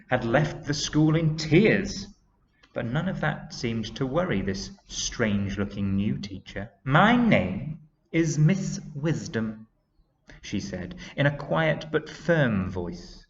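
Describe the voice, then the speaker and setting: A man reading a children's story aloud to young pupils, slow and expressive, on a dull lo-fi recording. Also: mid-range voice, a little hiss or hum. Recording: dull lo-fi sound.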